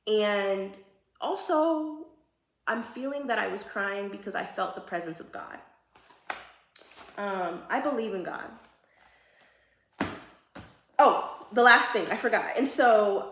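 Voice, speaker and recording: An earnest woman speaking heartfelt, personal reflections in a reflective vlog. Her mid-pitched voice has a gravelly, creaky edge. The sound rings around an echoey room. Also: a bit bright. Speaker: vlogger.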